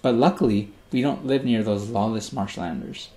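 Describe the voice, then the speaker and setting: A man voicing a gentle young mother who softly soothes her frightened child at bedtime in a storybook reading. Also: fairly low pitch, moderate pace, reverberant, lightly acted. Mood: soothing.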